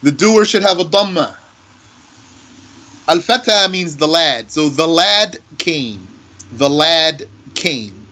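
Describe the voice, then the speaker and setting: A man teaching Arabic grammar in English, explaining slowly and patiently and repeating his example phrases. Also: a little high, animated, a bit bright, low-quality recording. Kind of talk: slow classroom explanation.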